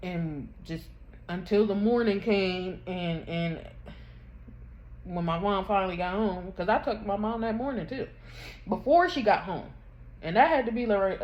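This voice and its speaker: A grieving woman vlogging from her bedroom, telling a painful story in a halting, rambling way, close to tears. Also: medium pitch. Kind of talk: emotional personal confession vlog. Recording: dull muffled sound with faint background hum.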